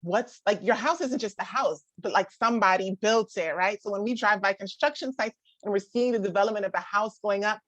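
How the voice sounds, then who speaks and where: A woman's voice: medium pitch, fairly bright tone, dry recording. A woman in her thirties speaking casually to a group about parenting. She often says "like", restarts her sentences and laughs now and then. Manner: chatty, full of "like" and quick restarts; laughs often and acts out others' voices. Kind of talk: casual talk to a live group.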